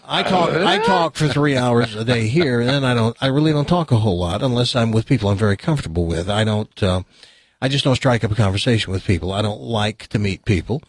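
A man's voice: medium pitch, no room sound. A middle-aged American man, a radio show host, telling rambling stories in casual chat and putting on voices for the people he quotes. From United States.

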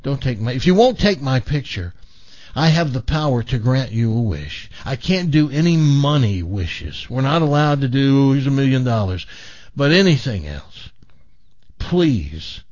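A man voicing a gentle, pleading mermaid woman in a joke, in a slightly lower voice than his own. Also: big pitch swings, a little slow, no room sound, dull audio. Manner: pleading, softly explanatory.

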